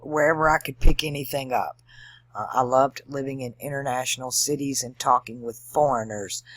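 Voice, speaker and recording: Man, average pitch, dry close mic, digressive lecturing monologue that spells out letters. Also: fairly bright tone, dry recording. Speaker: video channel host. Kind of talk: rambling monologue on language and esoterics.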